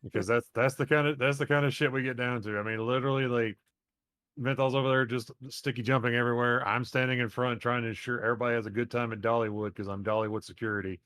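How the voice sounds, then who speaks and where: A man's voice: mid-range voice, steady tone, quick pace, fairly bright tone, clean tone, dry recording. A man co-hosting a casual podcast, joking and swearing freely. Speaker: podcast co-host.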